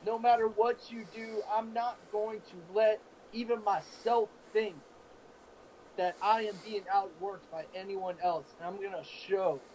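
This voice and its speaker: A man's voice: high-pitched, little pitch movement, unhurried, a little mellow, a little hiss or hum, poor audio. A man telling sports stories in an earnest, emotional way during a casual talk show. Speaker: co-host.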